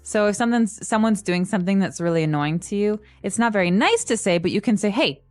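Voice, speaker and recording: A woman co-hosting an English lesson podcast, explaining everyday phrases with examples and acting out sample lines with lively inflection. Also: mid-range voice, fast talker, no room sound, faint music behind. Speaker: co-host and English teacher.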